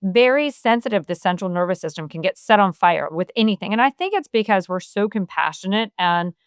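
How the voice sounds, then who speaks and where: A middle-aged woman speaks as a podcast guest, in an earnest and open way that leans on filler phrases. Her tone is smooth and clean. The sound is close and dry, with no room around it. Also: mid-range voice, no room sound. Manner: earnest, open, many "you know" fillers. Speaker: podcast guest, wellness author. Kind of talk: casual conversational interview.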